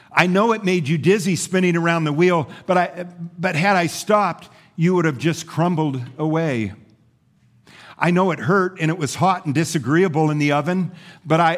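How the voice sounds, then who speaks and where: A pastor voicing a patient master potter who quietly explains his work to a teacup in a sermon story. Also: a little high, pitched above the performer's own voice, lightly acted. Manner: quiet, gentle, reassuring.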